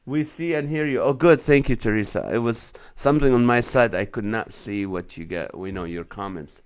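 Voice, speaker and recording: Smooth-voiced joking male comedian host. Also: mid-range voice, moderate pace. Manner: jokey, reads comments aloud and laughs along. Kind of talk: casual live-stream chat reading viewer comments.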